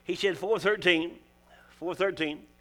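Folksy older preacher, high and bright. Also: male voice, unhurried. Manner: folksy, preacherly, calls out to the congregation. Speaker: pastor. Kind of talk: sermon. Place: church.

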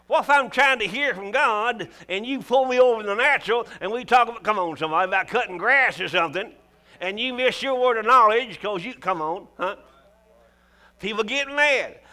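A man's voice: extremely high pitch, lively intonation, measured pace, bright, forceful tone. A man with a Southern US accent preaching a sermon, folksy and joking, with emphatic calls to the congregation.

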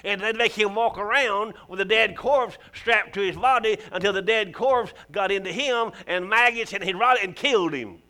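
A man's voice: high voice, moderate pace, hardly any pauses, bright, forceful tone. A man with a Southern US accent preaching a sermon, folksy and joking, with emphatic calls to the congregation.

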